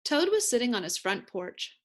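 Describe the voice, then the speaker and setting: A woman teacher reads a children's picture book aloud at an easy, measured pace, her fairly high voice swinging widely in pitch. Her narration is clear and gentle, pitched for young listeners.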